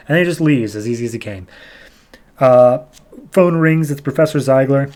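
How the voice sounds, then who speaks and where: A man's voice: medium pitch, a little mellow. A man hosting a podcast, casually recapping comic book issues, rambling and briefly acting out characters' lines. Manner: rambling, retells scenes with quick quoted character voices. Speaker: podcast host.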